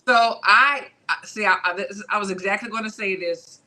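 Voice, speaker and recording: Bright-voiced woman hosting boxing chat. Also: mid-range voice, moderate pace, low-quality recording. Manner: conversational, reads out viewer comments. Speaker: host. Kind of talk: casual boxing talk show.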